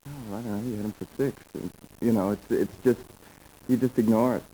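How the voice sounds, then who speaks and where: A man's voice: on the low side, fairly even intonation, a little fast, warm tone, a little hiss or hum, rough recording. A young man, a guest actor on a TV talk show, answering hesitantly and searching for words. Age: young adult. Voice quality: hesitant, searching, many fillers. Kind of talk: TV interview.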